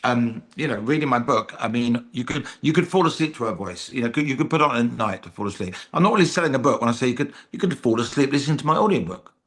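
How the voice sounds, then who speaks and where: A man's voice: mid-range voice, expressive, quick pace, few pauses, fairly bright tone, breathy edge. A British man, a comedian guest, chatting casually and telling self-deprecating stories with plenty of ums. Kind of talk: casual chat.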